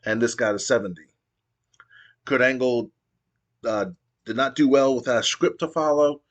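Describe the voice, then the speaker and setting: A gamer casually narrates his playthrough of a wrestling sim, let's-play style, with lots of fillers and restarts. His voice is medium-pitched and his speed normal, with long pauses.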